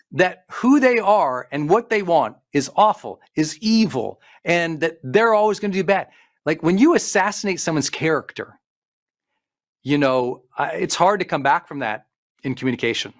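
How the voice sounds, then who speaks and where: A middle-aged man, a performance coach, giving an emphatic motivational talk with slowed-down stresses and listed points. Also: sits high, expressive. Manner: emphatic, preachy delivery with slowed stresses and lists.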